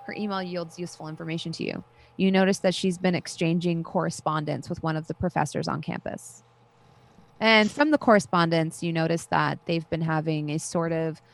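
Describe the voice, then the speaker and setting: A woman narrating as game master of a tabletop horror game, relaxed and loose, with fillers. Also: sits low, creaky.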